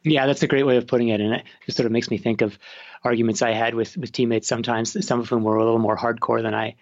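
A man's voice: medium pitch, little pitch movement, fast talker, no echo. A man with a Canadian accent, an author talking casually in an interview, often restarting his sentences. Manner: chatty, self-interrupting with restarts. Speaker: author guest. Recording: dull dry sound.

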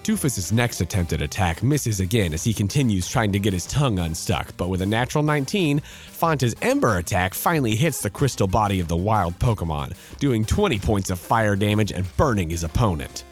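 A man giving scripted narration of a tabletop role-playing battle, lively and reading out dice rolls. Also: lowish voice, fairly quick, faint music behind.

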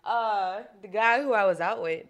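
A woman's voice: medium pitch, moderate pace. A woman hosting a podcast, chatting casually in a teasing, blunt way. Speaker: podcast host. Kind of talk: casual chat.

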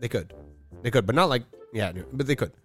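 A man's voice: medium pitch, expressive, a little fast, fairly bright tone, faint music behind. A man co-hosting a casual chat podcast, joking and teasing and laughing a lot. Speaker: podcast co-host.

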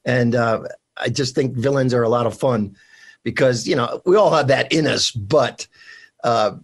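An older man, an actor guest on a radio show, telling chatty stories and acting out shouted quotes from fans. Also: medium pitch, normal speed, breathy edge. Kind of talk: casual radio interview.

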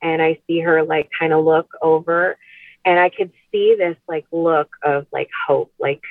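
A woman's voice: sits low, fairly even intonation, no echo. Earnest woman on a tinny call line. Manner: earnest, halting, with frequent restarts and nervous laughs. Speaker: podcast guest. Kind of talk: personal storytelling in conversation. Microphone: remote call.

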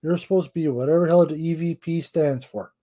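A middle-aged man talks wrestling in a blunt, emphatic way, swearing as he makes his point. His voice sits a little high for a man, and its tone is soft and mellow. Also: quick pace. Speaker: podcast co-host. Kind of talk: casual wrestling chat.

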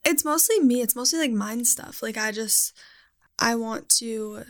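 A young woman in casual chat, talking in a chatty way with vocal fry. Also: fairly high pitch, a little slow.

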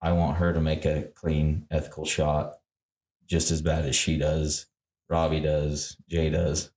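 A very deep-voiced man recalling a hunt in easy conversation. He jumps into his own quoted lines with energy, and the room around him gives his voice a noticeable echo. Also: monotone, unhurried, darkish tone. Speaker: hunting guide. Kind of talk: casual storytelling. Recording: roomy echo.

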